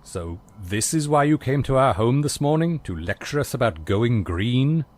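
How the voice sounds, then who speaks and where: A man voicing a prim, dry-witted male butler in a video game, speaking formally and deadpan. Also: mid-range voice, normal speed.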